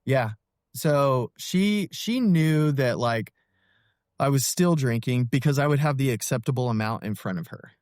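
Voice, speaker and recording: A man in his thirties telling his personal story as a podcast guest, earnest and halting, with many fillers and restarts. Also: mid-range voice, lively intonation, a little mellow, no room sound, clean studio sound. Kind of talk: personal testimony in an interview.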